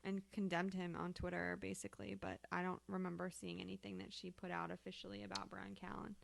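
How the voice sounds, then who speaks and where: A woman's voice: on the low side, little pitch movement, brisk, gravelly. A woman co-hosting a podcast in casual chat, reading viewer comments aloud in a teasing way. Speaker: podcast co-host.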